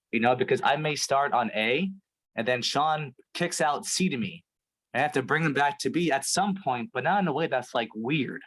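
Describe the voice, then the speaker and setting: A man's voice: medium pitch, poor audio. A man coaching a sales team over a video call, talking emphatically with lots of "right?" and "like". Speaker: sales trainer.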